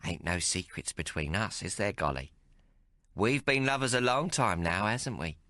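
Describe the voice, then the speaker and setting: A man voicing a coarse, affectionate young working-class woman with rough, teasing speech in a storybook reading. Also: on the low side, animated, moderate pace, sharp tone, dry recording, studio quality.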